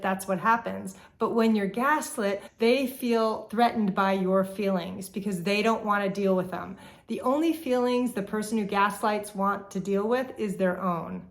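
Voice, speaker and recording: A woman hosting a relationship advice talk, explaining calmly and speaking straight to her viewers. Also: medium pitch. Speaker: relationship therapist host. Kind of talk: educational talk to camera.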